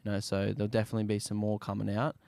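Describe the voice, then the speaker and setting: A young Australian man, a musician guest, talking casually in an interview in a laid-back, soft-spoken way that often trails off. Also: on the low side, completely flat delivery, rapid-fire, creaky, dry recording.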